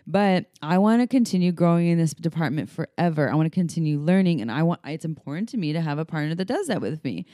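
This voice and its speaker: Frank, mellow-voiced woman podcaster. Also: low voice, animated, fast talker, few pauses, no room sound, studio quality. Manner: frank, conversational, coaching tone. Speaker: podcast co-host. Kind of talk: casual chat giving sex advice.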